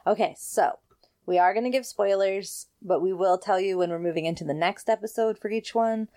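A woman's voice: mid-range voice, fairly quick. A woman co-hosting a casual recap chat at home, retelling scenes and acting out the characters' lines. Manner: animated storytelling, acts out characters' lines. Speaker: podcast co-host. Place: home, dog nearby.

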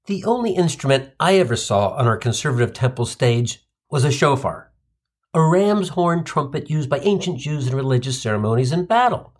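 Wisecracking man with a New lilt. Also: on the high side. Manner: wisecracking, sardonic, full of Yiddish asides. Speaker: comedic storyteller. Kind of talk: comic monologue.

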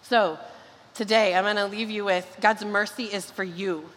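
A woman's voice: medium pitch, steady tone, fairly bright tone. Fervent woman preaching in a reverberant hall. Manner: earnest, fervent, with quick bursts. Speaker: pastor. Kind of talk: sermon and closing prayer. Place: large church hall. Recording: long reverb of a church hall.

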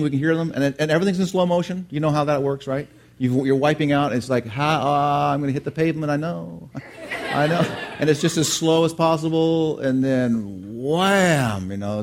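A middle-aged male pastor preaching in an animated storytelling way. He turns to the congregation with questions and keeps the talk conversational, at an ordinary pitch for a man. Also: a little hiss or hum. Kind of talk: sermon with personal story.

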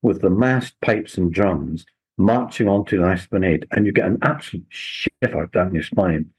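Older man, husky, low-pitched, measured storyteller, historian guest. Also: rough recording. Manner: measured, unhurried storytelling with small restarts. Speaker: local historian and author, interview guest. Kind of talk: relaxed storytelling interview.

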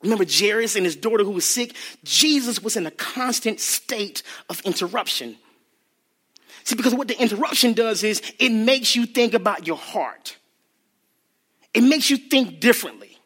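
A man preaching a sermon as a youth ministry speaker, animated and playful, acting out scenes and laughing as he talks. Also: sits high, moderate pace, breathy edge. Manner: animated, acts out bits, laughs.

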